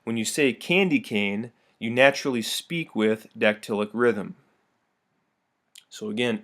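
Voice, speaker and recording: A man's voice: medium pitch, a bit bright. Friendly man teaching a video lesson. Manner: slow, deliberate stressed reading of verse.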